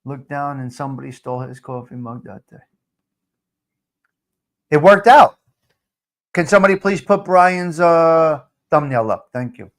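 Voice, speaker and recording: A man's voice: fairly high pitch, expressive, measured pace, pauses often. A man hosting a live stream, answering viewer comments in a blunt, profane, repetitive rant. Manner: blunt and fired up. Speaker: live-stream show host.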